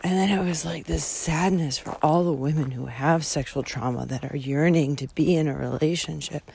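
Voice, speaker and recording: A woman's voice: low voice, normal speed, gravelly, darkish tone, a little hiss or hum. A woman talking through a personal monologue outdoors, candid and emotional, with frequent swearing and fillers. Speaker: podcast host hiking a long-distance trail.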